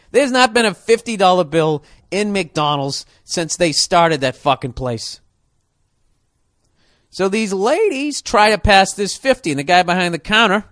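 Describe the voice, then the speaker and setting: A high-voiced man tears through a comic story, swearing freely and acting out the bangs and squeaks himself. The sound is close and bone-dry, with no room around him. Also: no echo. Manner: animated, swearing storyteller who mimics sound effects. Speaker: comedian telling a story. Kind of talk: profane comedic rant.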